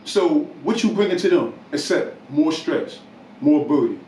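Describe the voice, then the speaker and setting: A man's voice: fairly high pitch, expressive, measured pace, warm tone, slight background noise. Man, from New Jersey, emphatic, lecturing, echoey, distant mic. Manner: emphatic, lecturing, repeats to drive points home. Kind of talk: casual talk, preaching advice.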